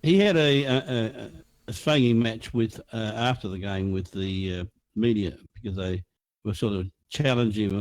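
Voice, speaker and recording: A low-voiced Australian man trades sharp, scornful takes in a casual footy chat and trips over his words as he restarts sentences. The sound is dry and close to the mic. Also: normal speed, no echo. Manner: blunt and scornful, with frequent restarts. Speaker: podcast co-host.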